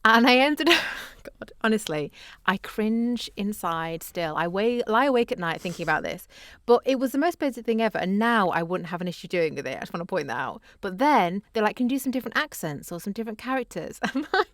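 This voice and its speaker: A woman's voice: mid-range voice, very animated, a little fast, fairly bright tone, no echo. A woman with a mid-range voice tells a frank personal story on a podcast. She laughs often and swears casually. The sound is close and dry. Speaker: podcast co-host, voice actor. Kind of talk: casual chat, personal anecdote.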